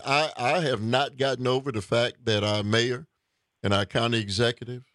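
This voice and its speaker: A man hosting a call-in radio talk show, speaking in a measured way with frequent pauses and restarts. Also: mid-range voice, a bit bright, no room sound, studio quality.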